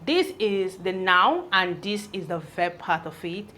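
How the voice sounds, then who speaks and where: A woman's voice: on the low side, very animated, a little slow, bright, forceful tone. A woman teaching English pronunciation, sounding out letters and repeating each word several times. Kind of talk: slow, deliberate classroom teaching.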